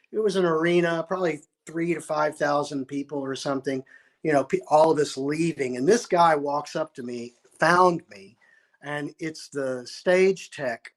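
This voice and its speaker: A man, a musician, telling a long story in an interview, acting out quotes and often restarting his sentences. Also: fairly high pitch. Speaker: musician guest.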